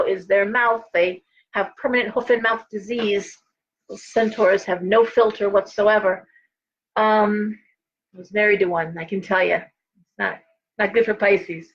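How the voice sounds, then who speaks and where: A woman's voice: mid-range voice, lo-fi sound. A tired middle-aged woman hosting a live tarot reading, talking in a chatty, rambling way with many restarts and asides. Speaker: host and tarot reader.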